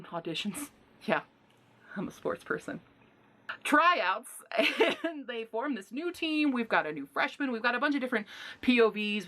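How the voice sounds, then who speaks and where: Her voice sitting in the mid range, a woman gives an offhand book review that turns into a lively, outraged rant about the plots. Sighs and exasperated side comments punctuate her retelling.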